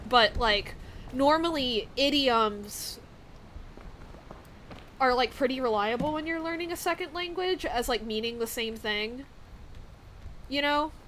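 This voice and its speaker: A woman's voice: high voice, a little slow, long pauses, fairly bright tone, slight background noise. A young woman from the American South, chatting casually on a live stream, rambling with lots of fillers and frequent laughs. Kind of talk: casual chat.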